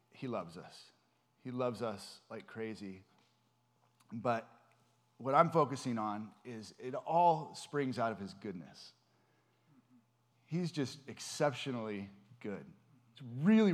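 Earnest man preaching casually. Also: medium pitch. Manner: earnest, conversational, many ums and restarts. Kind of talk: informal sermon.

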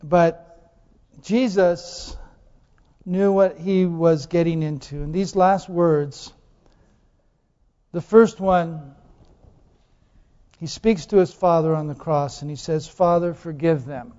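A male pastor preaches in a high, soft-edged voice, asking his congregation questions and repeating phrases to drive points home. He takes it slowly and pauses often, his words carrying a long reverb through a large church hall. The recording is muffled and lo-fi.

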